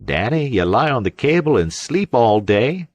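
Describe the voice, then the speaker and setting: A man voicing a boisterous sailor in an audiobook, loud and blustering. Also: medium pitch, very animated, normal speed, no echo, highs cut off, pitched above the performer's own voice, close to an everyday voice. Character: boisterous roaring sailor on a fishing schooner.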